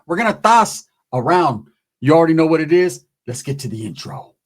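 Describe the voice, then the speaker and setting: A man's voice: a little high, big pitch swings, a little fast. A man hosting his channel and telling a wild personal story in casual slang. He laughs often and acts out the people in it.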